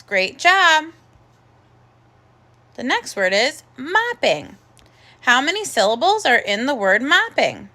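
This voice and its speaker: A woman teaching a first grade phonics lesson, slowly sounding out words and praising the children. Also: sits high, sharp tone. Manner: slow, clear, encouraging teacher talk with drawn-out sounds.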